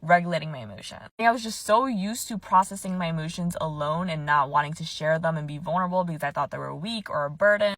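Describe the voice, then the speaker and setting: A woman coach who speaks in a soft, earnest, reflective way as she tells a personal story. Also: fairly low pitch, no echo.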